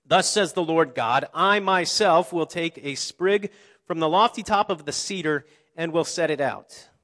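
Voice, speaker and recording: A man preaching a sermon, repeating key phrases slowly and letting his voice fall quiet at the ends of lines. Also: on the high side. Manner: preaching with slow emphatic repetitions and dramatic drops in volume. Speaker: pastor. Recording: long reverb of a large hall.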